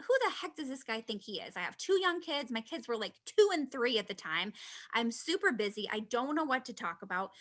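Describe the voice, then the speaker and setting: A woman in her thirties, a business coach giving a chatty, animated talk that is full of asides and laughter. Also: on the high side. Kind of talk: presentation talk.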